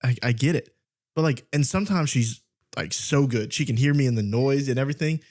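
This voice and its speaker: A man's voice: mid-range voice, a little fast, darkish tone. A young man co-hosting a podcast, telling stories in casual chat, often laughing and mimicking a voice assistant. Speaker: podcast co-host.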